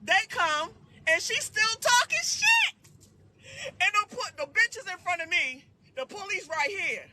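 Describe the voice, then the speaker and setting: A woman vlogger telling a story casually, loud and profane, often breaking into laughter. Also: very high-pitched, very animated, a little slow, heavy background noise. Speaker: trucking vlogger.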